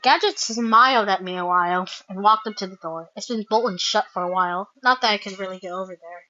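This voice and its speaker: A woman reading a fan comic aloud and reacting, excitable and quick to squeal and laugh. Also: mid-range voice, no room sound. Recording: slightly dull lo-fi mic.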